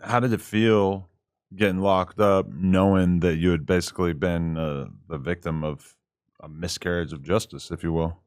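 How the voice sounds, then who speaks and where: A male podcast host asking short, calm questions and murmuring agreement. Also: deep voice, normal speed, clear, resonant tone, no echo, clean studio sound. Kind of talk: podcast interview.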